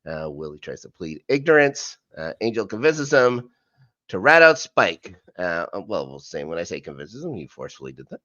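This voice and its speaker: A man co-hosting a rewatch podcast, rambling through a recap with plenty of "uh"s and side comments. His pitch swings up and down a lot. The sound is dry and a little dull. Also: sing-song, normal speed, bright, forceful tone, no room sound. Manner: chatty, rambling recap full of fillers and asides. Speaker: podcast co-host. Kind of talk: casual rewatch recap chat.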